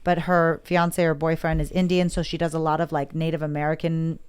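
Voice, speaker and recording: A woman guesting on a podcast tells an emotional personal story in a brisk, smooth, low voice. She speaks candidly and acts out others' lines in lively voices, in a casual interview setting.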